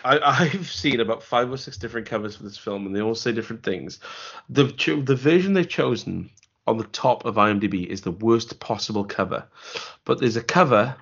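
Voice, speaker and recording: A man's voice: mid-range voice, animated, brisk, fairly bright tone, breathy edge. A man co-hosting a casual film podcast, rambling with many restarts and dry jokes. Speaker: podcast co-host. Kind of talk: casual film review chat. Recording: dull lo-fi audio.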